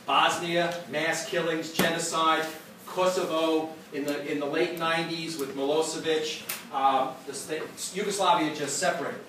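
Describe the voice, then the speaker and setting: An American man gives a history lecture and fields student questions, an animated storyteller who restarts often and repeats words as he begins sentences. His voice is a little high and his pace moderate, recorded from far off in an echoey, noisy classroom.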